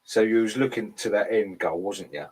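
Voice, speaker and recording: Man, Essex accent, lowish voice, husky, calm, measured, casual chat. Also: low-quality recording. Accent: Essex English. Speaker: podcast co-host. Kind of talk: casual conversation.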